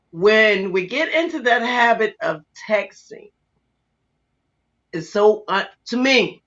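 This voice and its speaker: A woman's voice: medium pitch, a bit bright. An older woman hosting a casual talk show, folksy and teasing with her guests. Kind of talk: casual chat. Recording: dull lo-fi sound.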